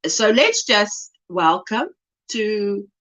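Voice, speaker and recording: A woman's voice: medium pitch, wildly swooping pitch, extremely slow, a bit bright. A woman hosting a casual livestream, bubbly and laughing often as she reads chat comments aloud. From South Africa. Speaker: livestream host.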